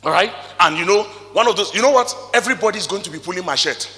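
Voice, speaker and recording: Bright, high-voiced Nigerian motivational speaker. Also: male voice, fast talker. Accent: Nigerian English. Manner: animated, rhetorical questions, big swings in loudness. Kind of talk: motivational talk to a live audience. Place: stage in a hall before an audience. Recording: long reverb of a large hall.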